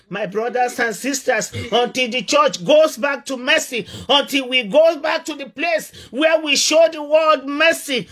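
A man preaching a sermon with passion, repeating phrases and rising to shouts. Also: very high-pitched, measured pace, hardly any pauses. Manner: impassioned, repeats phrases for emphasis, often rises to shouting.

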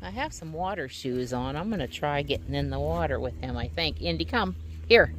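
A woman vlogging outdoors on her phone, chatting with her dog in high sing-song baby talk. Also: animated, normal speed. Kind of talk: casual chat with her dog. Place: outdoors by water and in a van. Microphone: handheld phone. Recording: phone recording with loud outdoor noise.

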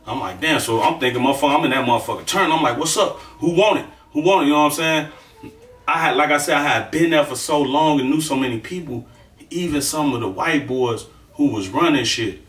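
A man tells a story casually, swearing freely and punching up the action with his own sound effects. His voice sits at a middle pitch. He is heard from a distance in a room with noticeable echo. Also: a little fast. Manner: profane, emphatic, animated with sound effects. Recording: echoey room, far from the mic.

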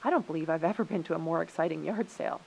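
A woman voicing a calm, helpful female raven in a storybook reading, speaking in a polite, measured way. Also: low voice, vocal fry, slight background noise, rough recording. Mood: composed.

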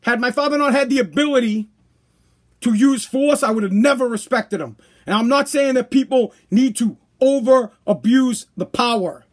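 A man's voice: extremely high pitch, moderate pace. A man hosting a solo podcast, delivering a heated, profane monologue and acting out the people he quotes. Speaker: podcast host.

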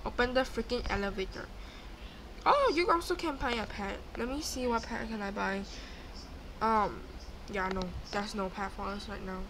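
A young woman giving live gameplay commentary, excitable and chatty, talking back to game characters. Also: medium pitch, normal speed, noisy background. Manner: excitable, screams and gasps, talks to game characters. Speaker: gaming YouTuber.

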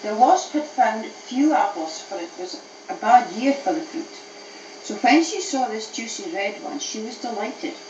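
A woman reading a bedtime story to her child, in a gentle, measured storytelling voice, heard from an old cassette tape replayed and recorded by a phone. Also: a little high, expressive, a little hiss or hum. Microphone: tape recorder, later recorded from playback by phone. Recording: echoey, distant, dull old cassette tape.

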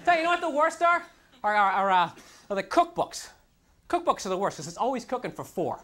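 Exasperated young stand-up comic, laughing crowd. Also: male voice, sits high, very animated, a little fast. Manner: exasperated, self-mocking rant with frequent "like" and "you know". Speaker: stand-up comedian. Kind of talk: stand-up set. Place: TV studio stage before a live audience. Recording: 1990s TV broadcast, audience laughter and noise. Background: audience laughter.

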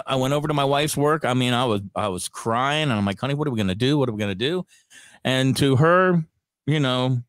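A man's voice: medium pitch, fairly bright tone, smooth, no room sound, studio quality. A middle-aged man from the Frederick area, a radio veteran and guest, chatting and telling stories in an interview, acting out the people he quotes. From Frederick, Maryland area. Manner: chatty, laughs at own stories, acts out quotes. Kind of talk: casual storytelling interview.

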